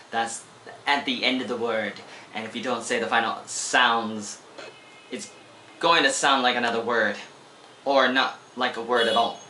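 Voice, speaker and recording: A young American man talks through a casual English lesson, rambling and playful and often repeating himself as he goes. His voice sounds bright and clear, with a roomy echo around it and a faint hum behind. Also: mid-range voice. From Oregon, USA. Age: 20s. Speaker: English teacher. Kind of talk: casual teaching vlog.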